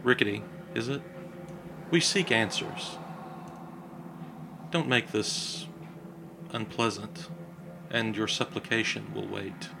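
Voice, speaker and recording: A man's voice: takes it slowly, vocal fry, pauses often, noisy background. A man doing a cold, menacing armored giant. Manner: low, quiet and threatening. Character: towering armored male warrior, cold and menacing.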